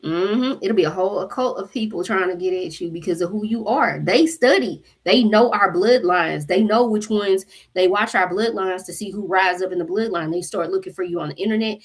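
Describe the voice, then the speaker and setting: Husky-voiced woman telling a heated story. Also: medium pitch, moderate pace, few pauses. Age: adult mother. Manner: animated, profane, acts out quotes. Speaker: spiritual channel host. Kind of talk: casual storytelling to viewers.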